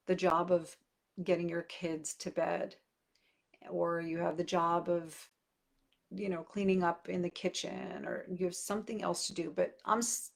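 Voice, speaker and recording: A woman's voice: fairly low pitch, vocal fry. A woman in her forties, a parenting coach, talking candidly and conversationally to her viewers, with many fillers. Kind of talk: casual direct-to-camera talk.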